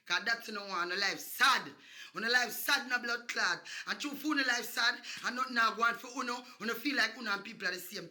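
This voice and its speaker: Jamaican woman ranting on a live stream, loud cussing and mocking, very sharp bright voice. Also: on the high side, brisk. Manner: loud, cursing, taunting, swings into shouts. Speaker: social media personality. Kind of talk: livestream rant.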